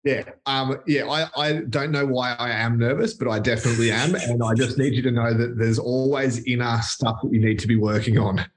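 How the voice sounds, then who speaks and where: Relaxed Australian man with a mid-pitched voice. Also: fairly quick, hardly any pauses. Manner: relaxed, thoughtful, many "um"s. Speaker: company CEO, guest. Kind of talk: casual interview chat.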